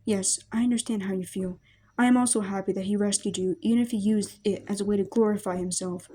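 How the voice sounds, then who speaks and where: A woman reading as a gentle protective older brother. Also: medium pitch, steady tone, quick pace, close to an everyday voice. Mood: soothing. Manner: soothing, reassuring.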